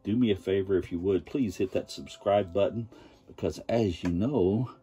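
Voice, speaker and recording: A man hosting a casual vlog, showing his comic collection in a relaxed and enthusiastic way. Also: deep voice, normal speed, breathy edge. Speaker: comic collector channel host. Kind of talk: casual show-and-tell vlog.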